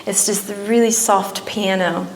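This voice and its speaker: In an echoey church hall, a young woman gives an emotional personal testimony, her storytelling sometimes rising into pleading. Her mid-range voice is steady and a little slow, with a slight hiss or hum in the recording.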